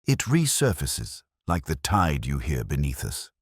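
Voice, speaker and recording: A man playing a Victorian detective who speaks in a cold, cutting, measured way. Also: very deep voice, huge pitch swings, slightly rough, no echo, clean studio sound, exaggerated voice. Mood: accusing.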